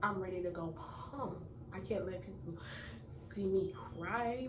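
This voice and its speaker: A woman's voice: fairly low pitch, slow, lo-fi sound. An eighteen-year-old woman telling a casual storytime, chatty and full of fillers, talking straight to her viewers. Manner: chatty, filler-heavy, addresses viewers as y'all. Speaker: vlogger. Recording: echoey room, mic at a distance, noisy.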